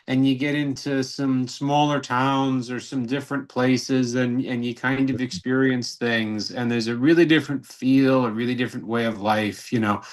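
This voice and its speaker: A man's voice: mid-range voice, fairly even intonation, moderate pace, few pauses. A man in a casual video-call chat, speaking in a thoughtful, hesitant way and often repeating words. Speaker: guest.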